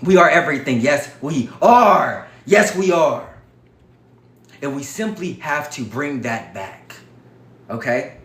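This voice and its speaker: A man hosting a livestream, talking in an animated, profane, preachy way. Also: fairly high pitch, takes it slowly, echoey room. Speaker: livestream host. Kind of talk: casual livestream talk.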